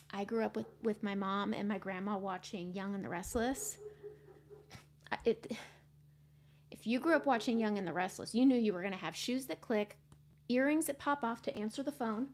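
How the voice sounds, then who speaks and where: A woman's voice: medium pitch, darkish tone, slight background noise. A middle-aged woman hosting a casual live makeup tutorial, chatting and explaining each step as she goes. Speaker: makeup livestream host.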